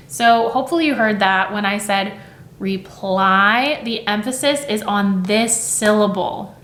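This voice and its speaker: A woman's voice: mid-range voice, measured pace, a bit bright, roomy sound. Chatty woman teacher explaining phonics. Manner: conversational, frequent "right?" checks, demonstrates sounds aloud. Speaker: teacher and educator.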